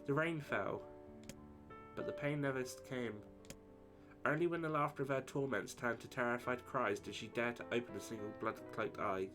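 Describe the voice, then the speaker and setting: A man streams a game, steadily reading its story text aloud and chatting casually with viewers. His mid-range voice moves at a moderate pace over the game music.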